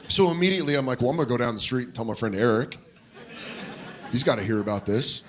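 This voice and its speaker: Speaking quickly in a mid-range voice, a man does stand-up storytelling on stage and brings his characters to life with animated voices. A faint crowd is audible, with audience noise behind the live club set.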